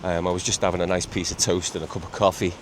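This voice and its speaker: A middle-aged man, chatting casually in a walking vlog on a seaside promenade, halting with many repeats and fillers. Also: low-pitched, little pitch movement. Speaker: vlogger. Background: faint outdoor ambience with traffic and seagulls.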